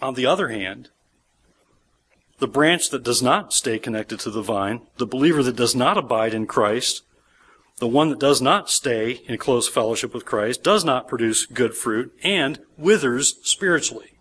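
A man's voice: medium pitch, animated, moderate pace, a bit bright, breathy edge. A man pastor preaching a sermon, emphatic and repeating key words for stress.

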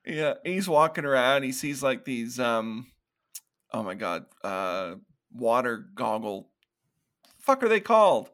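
This co-host's medium-pitched voice swings widely in pitch, sounds slightly bright, and moves at a slow pace. He's casually reviewing a horror movie on a podcast, retelling scenes with mock quotes and laughter.

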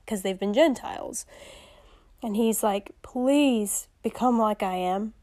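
A woman hosts a podcast where she teaches from scripture, reading passages aloud in a casual, animated way and laughing often. Her voice is a little high.

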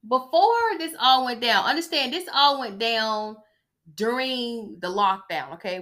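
A woman's voice: fairly high pitch, bright, forceful tone. A woman hosting a podcast, talking in a blunt, chatty way about reality TV, often checking in with "okay?". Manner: blunt, chatty, emphatic with frequent "okay?" asides. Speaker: podcast host. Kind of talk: casual gossip commentary.

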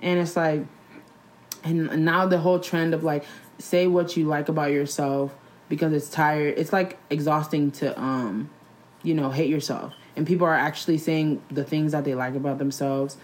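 A young woman in casual chat, blunt and animated, talking in slang with many "like"s. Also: low voice, moderate pace.

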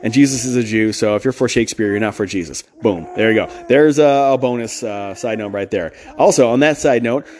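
A man's voice: medium pitch, a little fast, hardly any pauses, darkish tone, a little hiss or hum. A man hosting a podcast, talking in a casual preaching style, blunt and emphatic, with restarts and side remarks. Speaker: podcast host.

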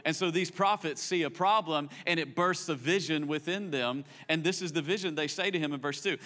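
A man preaching a sermon in a bright, forceful voice that sits a little high for a man. He is animated and acts out the people in his story, then drops to a soft, quiet tone when he turns reflective. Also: brisk, hardly any pauses. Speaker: pastor.

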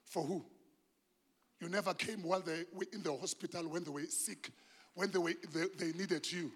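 A South African pastor with a very high voice for a man preaches with fervor, dropping to near-hushed lines and rising to shouts, weaving Zulu phrases into his English. His voice rings out in a church sanctuary with a long, trailing reverb. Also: fairly even intonation, moderate pace, husky. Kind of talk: sermon.

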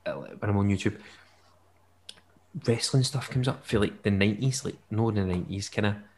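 A man's voice: lowish voice, normal speed, a little mellow. A young man, chatting casually and jokily on a podcast. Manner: chatty, jokey, with bursts of laughter. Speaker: podcast co-host. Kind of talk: casual chat.

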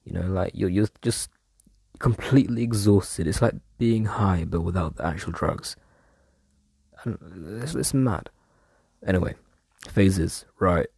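A man's voice: deep voice, unhurried, vocal fry, a little mellow, breathy edge, no echo, clean studio sound. A young man, rambling casually through a podcast monologue at home. He trails off and jokes at his own expense in slang. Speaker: podcast host. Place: room at home.

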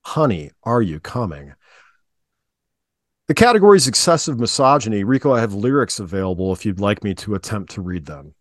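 A man's voice: on the low side, lively intonation, quick pace, hardly any pauses, no echo, studio quality. A middle-aged man from Ohio, co-hosting a podcast in casual chat, with wry, self-mocking humor. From Ohio, USA. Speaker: podcast co-host.

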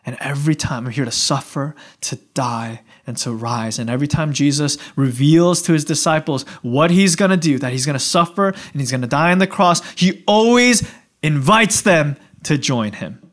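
A man's voice: fairly high pitch, moderate pace. A man preaching a casual, conversational sermon, talking informally and asking his listeners questions. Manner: informal, animated, asks the audience questions.

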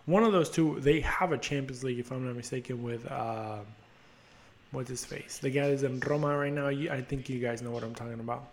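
A man's voice: mid-range voice, fairly even intonation, fairly quick, slight background noise. Rambling man chatting about soccer. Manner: rambling, joking, swears, self-mocking. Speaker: podcast host. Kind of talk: casual soccer chat.

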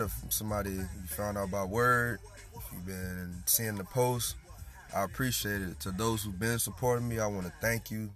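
A man in his late twenties hosting a podcast in casual chat, hoarse from losing his voice, laid-back and slangy, chuckling between thoughts. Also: lowish voice, a bit bright. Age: late 20s. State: hoarse from lost voice. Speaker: podcast host.

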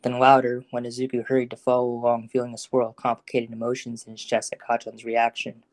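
Brief: male narrator for a fan audio drama, mid-pitched and flat, dry close sound. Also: quick pace, no echo. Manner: even, steady storytelling.

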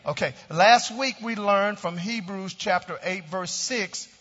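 A man's voice: high voice, unhurried, fairly bright tone, husky. A man preaching a sermon as pastor, leading his congregation in call-and-response declarations. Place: church sanctuary. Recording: dull lo-fi church hall recording with long reverb.

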